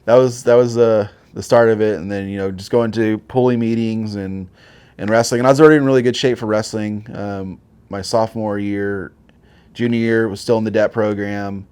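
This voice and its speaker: A man's voice: on the low side, fairly even intonation, normal speed, a little mellow, clean tone. A man in his forties, a Marine veteran guest, telling his story casually with lots of swearing and filler words. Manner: profane, rambling, with many fillers.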